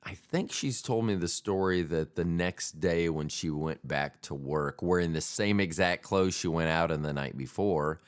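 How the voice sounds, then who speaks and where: A man's voice: low voice, moderate pace, hardly any pauses, smooth. A man hosting a podcast in a casual comic monologue, rambling, self-deprecating and crude. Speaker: podcast host. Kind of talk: casual solo comedic monologue.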